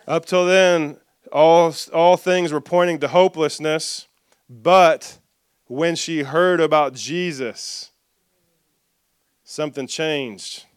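A male pastor delivers a lively sermon with call-and-response, reading scripture aloud and going soft for asides. His voice is fairly high and smooth, and the sound is dry and close with no echo.

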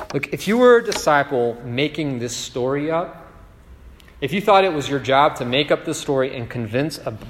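Guy preaching a chatty sermon, mid pitch, big echoey church hall. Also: a bit bright, a little hiss or hum. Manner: conversational, keeps asking "right?". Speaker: pastor. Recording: long hall reverb.

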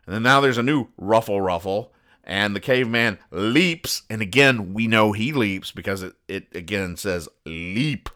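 A man hosting a comedy show, reading comic strips aloud and explaining the jokes in a wry, deadpan way. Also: fairly low pitch, measured pace. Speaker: host.

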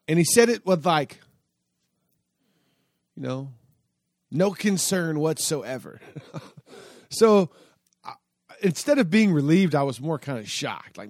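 A man's voice: on the high side, darkish tone, dry recording, studio quality. A man telling a long casual story in a rambling, profane way, full of fillers and restarts. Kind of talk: casual spoken anecdote.

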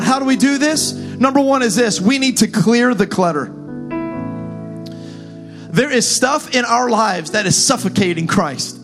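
A man preaching a sermon as pastor, talking the crowd through points and rising into fervent, shouted calls. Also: very high-pitched.

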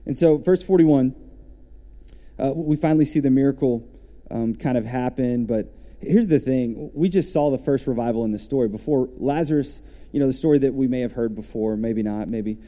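A man as pastor, preaching a sermon and reading scripture, lifting his voice and dropping to soft asides. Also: medium pitch, moderate pace.

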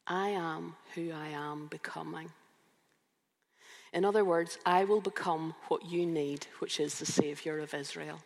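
A woman in her fifties preaching a sermon, reflective and emphatic, with slow rhetorical questions. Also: deep voice, steady tone, vocal fry, big-room sound. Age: 50s. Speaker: preacher and youth counsellor.

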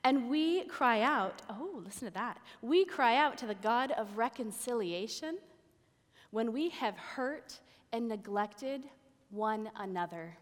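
A woman preaching a sermon in a church. She speaks in slow, deliberate phrases with emphatic pauses. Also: on the high side, lively intonation, in a large hall. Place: church sanctuary. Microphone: pulpit microphone with feedback.

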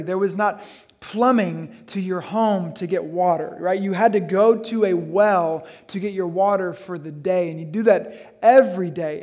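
A man with a fairly high voice preaches a sermon through a passage of scripture. He talks to the congregation in a relaxed, conversational way, dropping offhand asides between the verses he reads. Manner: casual, conversational asides mixed with reading scripture. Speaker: pastor. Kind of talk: expository sermon.

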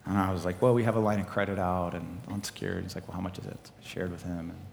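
Animated preaching man in a reverberant hall. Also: low voice, fast, vocal fry, a little hiss or hum. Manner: animated, laughing, swinging from loud preaching to quiet storytelling. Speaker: pastor. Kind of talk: sermon with personal story. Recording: live hall with long reverb and faint ambience.

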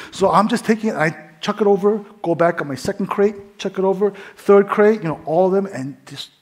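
A young man preaching his testimony, swinging between hushed whispers and loud fervent bursts. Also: sits high, a little fast, hardly any pauses. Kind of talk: testimony sermon.

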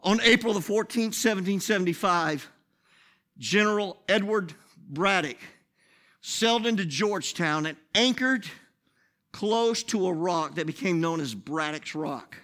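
High, bright-voiced male preacher. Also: measured pace. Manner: swings between hushed whispers and shouted, sing-song preaching. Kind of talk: sermon.

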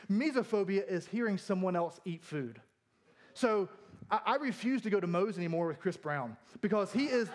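A man with a fairly high voice delivers a sermon from the pulpit. He keeps it light and jokey, pokes fun at himself and laughs easily as he moves between stories and scripture. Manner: jokey, self-deprecating, laughs often. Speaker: pastor. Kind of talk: humorous sermon.

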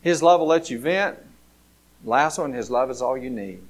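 A man, a pastor, delivering an earnest sermon straight to his listeners, shifting from hushed, slow lines to loud, excited ones. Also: medium pitch. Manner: dramatic preaching, swinging from hushed to loud; earnest and direct, addressing listeners.

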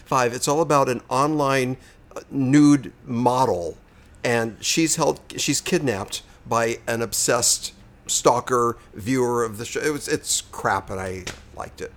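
A man's voice: medium pitch, slow pace, a bit bright, a little hiss or hum. A man co-hosting a film podcast, chatting casually with a wry, joking manner. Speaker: podcast co-host. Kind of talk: casual chat.

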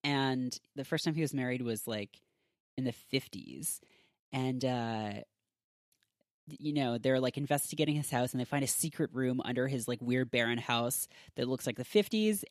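Podcast host rambling through a recap, lots of likes and ums, mid-pitched voice, dry close sound. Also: normal speed, no room sound. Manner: chatty, heavy on filler words. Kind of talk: casual episode recap.

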